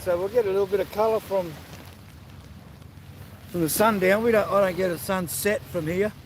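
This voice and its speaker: High-voiced man chatting outdoors. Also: fairly even intonation, normal speed, slight background noise. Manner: chatty, greets viewers by name. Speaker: livestream host. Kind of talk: casual chat with live viewers. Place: outdoors by the sea at sundown.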